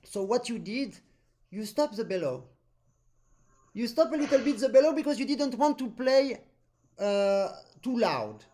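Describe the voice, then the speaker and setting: A man coaching an accordion student in a lesson, a native French speaker talking in animated, non-native English and humming musical phrases. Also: very high voice, a little slow, pauses often, slight background noise. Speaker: accordion teacher. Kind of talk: masterclass coaching.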